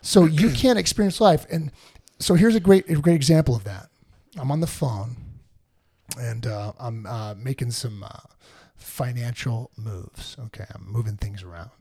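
A man co-hosting a podcast speaks at normal speed in a medium-pitched, slightly rough voice. During the casual spiritual conversation, he spins animated stories and imitates other people's voices.

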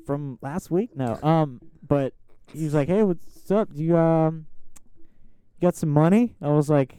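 A man's voice: a little high, a little slow, warm tone, smooth, no room sound. A young man telling a long story in casual chat, rambling with lots of filler words and swearing. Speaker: podcast host.

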